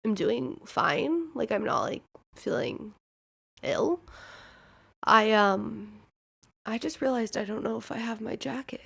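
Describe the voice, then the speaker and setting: A woman's voice: on the high side, vocal fry. A woman in her twenties hosting a podcast, telling a rambling story in a chatty, casual way full of fillers. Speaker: podcast host.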